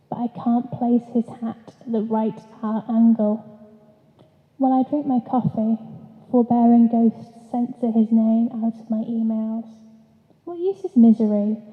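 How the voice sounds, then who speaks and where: A woman poet giving a live poetry reading in a measured, deliberate way, with short asides between sections. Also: fairly high pitch. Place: festival event venue. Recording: tinny echoey hall recording.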